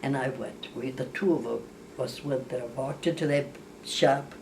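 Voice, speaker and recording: A woman's voice: rumbling low, a little slow, gravelly. An older woman telling family stories in casual talk. She rambles with many restarts and corrections, and she acts out the voices of the people in her stories. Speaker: family storyteller. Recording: distant mic with faint background hiss.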